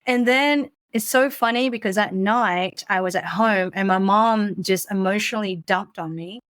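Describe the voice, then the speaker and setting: A woman in her forties, a podcast guest speaking candidly in casual conversation, halting often with fillers and restarts. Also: mid-range voice, fairly bright tone, no room sound. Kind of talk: casual conversation, personal storytelling.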